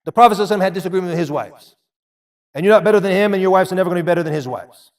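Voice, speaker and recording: A man preaching a sermon, emphatic and repetitive, dropping into quieter asides. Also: sits high, rapid-fire, far from the mic. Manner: emphatic, repeats phrases, drops to quiet asides. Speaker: Islamic preacher.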